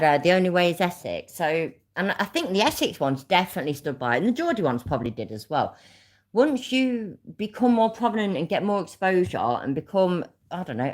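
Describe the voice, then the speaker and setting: Leicester lady on a livestream, low voice, swears a lot, talks blunt and bouncy. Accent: Leicester English. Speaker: YouTube host. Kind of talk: casual livestream chat.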